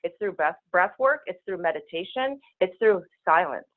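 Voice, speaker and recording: A woman speaking as a spiritual healer guest, talking very fast in casual, rushing speech over a telephone call-in. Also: fairly low pitch, animated. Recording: tinny phone line.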